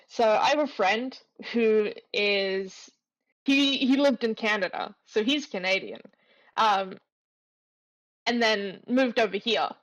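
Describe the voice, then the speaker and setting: A woman's voice: medium pitch, slow. A woman co-hosting a podcast, telling a rambling story full of fillers in casual chat. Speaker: podcast co-host. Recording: dull lo-fi mic.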